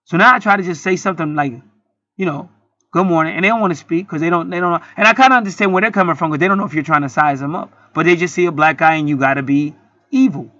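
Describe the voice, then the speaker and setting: A man's voice: a little high, quick pace, pushed and bright, no echo, highs cut off. Heated, profane man telling a story. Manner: profane, heated, rambling with restarts. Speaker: channel host. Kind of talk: casual storytelling monologue.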